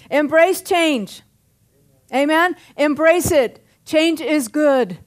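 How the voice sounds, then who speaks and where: A woman's voice: high-pitched, takes it slowly. A middle-aged woman pastor preaching a sermon in a church, punchy and joking, often calling out for an amen. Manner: punchy, joking, calls for amens.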